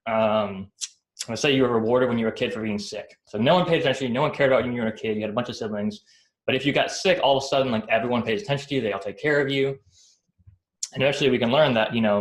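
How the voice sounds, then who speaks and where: A man giving a casual talk about emotions, rambling and checking in with "right?" after almost every point. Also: medium pitch. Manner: rambling, many fillers like "right?" and "like". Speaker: speaker explaining psychology. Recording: echoey room.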